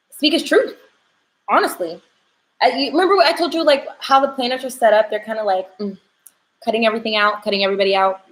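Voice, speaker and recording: A woman's voice: on the high side, a bit bright, reverberant, rough recording. Chatty New woman reading tarot. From New York. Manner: chatty, talks to viewers, swears casually. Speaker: tarot reader on a livestream. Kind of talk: casual livestream chat.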